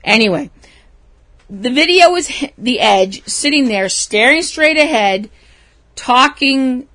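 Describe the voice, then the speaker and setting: A woman's voice: high voice, expressive, slow pace, fairly bright tone. A woman co-hosting a casual talk show, telling a story with lots of laughs and animation. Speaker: podcast co-host. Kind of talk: casual chat.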